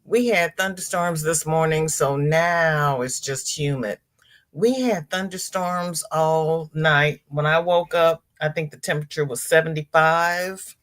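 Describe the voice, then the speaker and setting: A woman's voice: low-pitched, measured pace, a bit bright. A middle-aged woman hosting a casual livestream, greeting viewers by name and reading out their chat comments. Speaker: livestream host.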